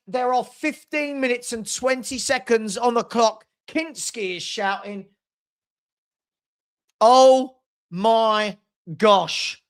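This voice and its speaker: Older male fan host, unhurried delivery, sarcastic exasperation with sudden shouted outbursts. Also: extremely high pitch. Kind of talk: live football watchalong commentary.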